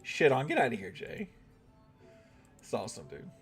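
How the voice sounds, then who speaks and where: A man's voice: medium pitch, wildly swooping pitch, moderate pace, husky, faint music behind. Laid-back male game streamer. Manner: laid-back, chatty, swears casually. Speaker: gaming livestreamer. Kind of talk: casual live-stream chat.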